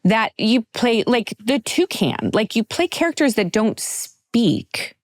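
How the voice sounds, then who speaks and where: A woman's voice: on the high side, sing-song, slow pace, no room sound, studio quality. A woman hosting a casual interview, asking enthusiastic, rambling questions full of "like". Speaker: podcast host.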